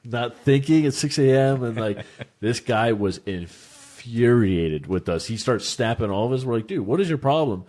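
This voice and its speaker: A man's voice: medium pitch, measured pace, darkish tone. A young man co-hosting a casual podcast, telling stories loosely, swearing and laughing often. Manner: laid-back, swearing storyteller who laughs often. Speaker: podcast co-host. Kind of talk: casual chat.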